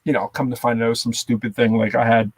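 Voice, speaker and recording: A man's voice: medium pitch, fast talker, slightly rough, dry recording. A man with a Massachusetts accent, co-hosting a casual chat and telling stories with acted-out voices. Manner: animated storyteller, acts out quotes. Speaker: podcast co-host, rapper and educator.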